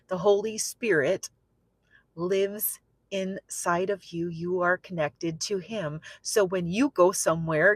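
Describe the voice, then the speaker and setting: A woman minister preaching through a personal story, chatty and repetitive, swinging from soft musing to loud, excited exclamation. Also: lowish voice, no echo. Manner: repeats phrases for emphasis. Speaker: prophetic minister.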